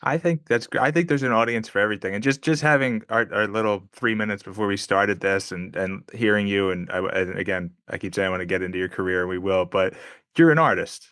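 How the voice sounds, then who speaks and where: A man hosting a casual interview, his voice on the low side. He talks eagerly, restarts his sentences often, and sounds close and dry. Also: quick pace, a bit bright, clear, resonant tone, no echo. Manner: enthusiastic, stumbling restarts, laughs often. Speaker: podcast host.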